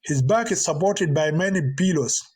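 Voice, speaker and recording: A man narrating a story aloud, halting and restarting over words. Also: on the high side, a little mellow, breathy edge. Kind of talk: storytelling reading.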